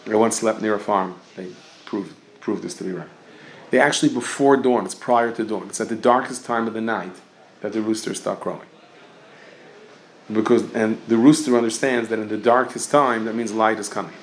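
A man's voice: lowish voice, moderate pace. A man teaching an informal Torah class, telling stories and jokes and sprinkling in Hebrew and Yiddish terms. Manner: lively storytelling, mixes Yiddish and Hebrew terms.

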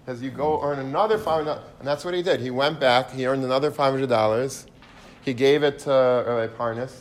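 A man in the middle of his pitch range tells a story with lively energy. He breaks off into asides and restarts his sentences as he goes, speeding up and slowing down. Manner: animated, with frequent restarts and asides. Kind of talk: storytelling talk.

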